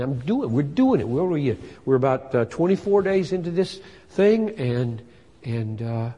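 Earnest older man preaching in a hall. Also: fairly high pitch. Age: 60s. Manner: earnest and animated, voice rising for quoted scripture. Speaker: pastor. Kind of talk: sermon. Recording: long hall reverb.

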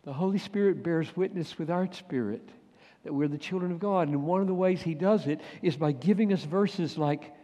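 A man preaching a sermon with fervor, swinging from loud emphasis to hushed, near-whispered lines. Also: fairly high pitch, moderate pace, long reverb tail.

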